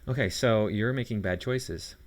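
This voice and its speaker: A man with a deep voice reacts to a video clip. He sounds sarcastic and scornful throughout. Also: normal speed. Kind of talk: reaction commentary.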